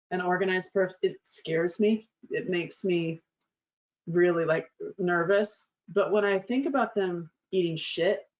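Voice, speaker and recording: A woman's voice: fairly low pitch, dull audio. A middle-aged woman hosting her own show, telling a frank, profane story in a casual monologue, laughing often and acting out what people said. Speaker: show host.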